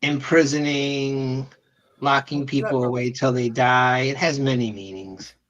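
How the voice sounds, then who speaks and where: A mid-pitched man plays a tabletop game over a video call. He speaks in a wry, deliberate way and describes his character's actions plainly. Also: steady tone, fairly bright tone, lo-fi sound. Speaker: player.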